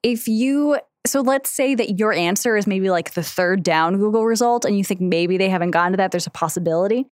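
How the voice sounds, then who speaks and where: A woman's voice: mid-range voice, a little fast, few pauses, no room sound. Woman, advice podcast co-host, casual chat, step-by-step tips, dry studio sound. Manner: gives step-by-step advice, reads sample scripts aloud.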